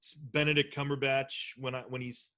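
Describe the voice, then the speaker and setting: A man co-hosting a casual podcast chat, measured and opinionated. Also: medium pitch, level tone, sharp tone. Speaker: podcast co-host.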